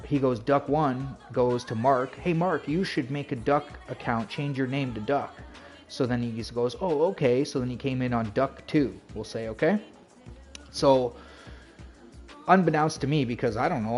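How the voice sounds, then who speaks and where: A male game streamer telling a long story to his chat in an easygoing, rambling way, packed with "like" and "you know." His voice sits at an ordinary middle pitch, and he slips into little acted-out lines of dialogue as he goes. Faint music plays softly behind him. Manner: rambling, filler-heavy, acts out quoted dialogue.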